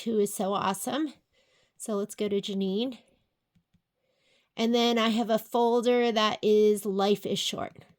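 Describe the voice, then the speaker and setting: A woman's voice: a little high, a bit bright. Chatty woman walking through a craft tutorial. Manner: chatty, talks to herself while working, asides to viewers. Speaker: sewing and crafting instructor. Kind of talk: casual step-by-step software tutorial.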